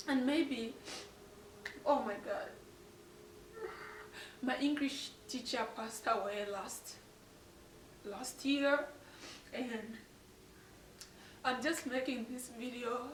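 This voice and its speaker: Young woman from tanzania, kinda high voice, emotional storytime vlog, echoey room, a bit far from the mic, faint noise behind. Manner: emotional, tearful and apologetic, laughing through it. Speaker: vlogger. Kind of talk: personal storytelling.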